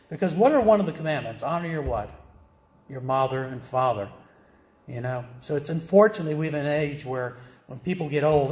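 A middle-aged man preaches in a relaxed, conversational way, throwing questions out to the congregation. His voice sits a little high for a man and rings through a reverberant church. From American South. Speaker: pastor. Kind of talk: sermon. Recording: echoey church hall.

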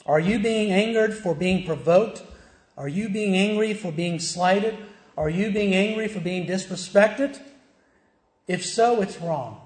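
A man's voice: high-pitched, a little slow. A middle-aged male pastor preaching a sermon, emphatic, firing rhetorical questions and answering them himself. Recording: echoey church room.

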